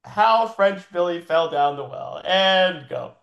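A man's voice: high-pitched, expressive, takes it slowly, creaky, a bit bright, dull audio. Rambling man telling an echoey comic tale. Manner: rambling with frequent "like" fillers and laughs. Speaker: improv storyteller. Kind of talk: comedic improvised storytelling.

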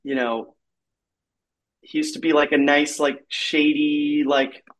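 Male comic storyteller, slow and rambling, slightly high voice, casual delivery full of "like.". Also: flat delivery, a bit bright.

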